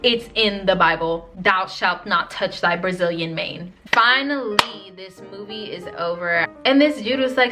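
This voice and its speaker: A young woman vlogger telling a dating story in lively, slangy storytime style. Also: medium pitch, a little slow, soft background music. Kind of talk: storytime vlog.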